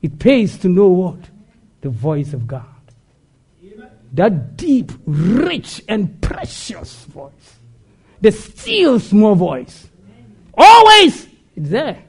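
A man preaching a sermon, asking rhetorical questions and answering them, sometimes shouting. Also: sits high, wildly swooping pitch, extremely slow, long pauses, slightly rough.

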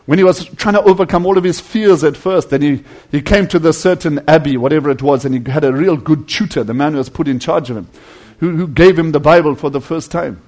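A male preacher giving a sermon, swinging between loud emphatic passages and hushed near-whispers, earnestly calling his listeners friends. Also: a little high, brisk.

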